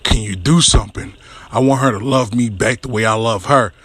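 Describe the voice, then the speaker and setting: Man doing a lovesick male caller, pleading, a bit lower, dry close sound. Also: a little fast, fairly bright tone, breathy edge, dry recording. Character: eager lovesick starstruck young man caller.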